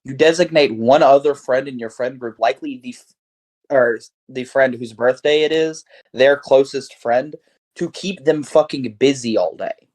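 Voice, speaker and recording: A man's voice: medium pitch, moderate pace, a little mellow. A man co-hosting a podcast, ranting casually with heavy swearing. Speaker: podcast co-host. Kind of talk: casual chat.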